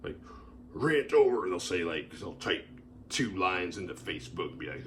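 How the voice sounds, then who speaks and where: The host of a horror movie review show rants casually about his day, sarcastic and animated, swearing freely and mocking people with exaggerated voices. He speaks low at a moderate pace over slight background noise.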